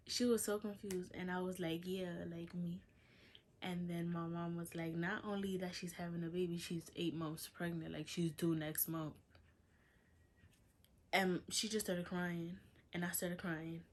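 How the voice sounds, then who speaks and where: A woman's voice: fairly low pitch, level tone, unhurried. A young woman vlogger telling a personal story in a casual, chatty way, filling her talk with "like" and acting out what others said. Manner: chatty, lots of "like", quotes others in dialogue.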